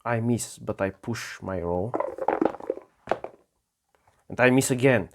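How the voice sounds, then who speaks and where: A man's voice: mid-range voice, vocal fry, very noisy. A man narrating his own solo tabletop adventure, describing dice rolls and actions with frequent restarts. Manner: unhurried, halting narration. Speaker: solo game player and narrator.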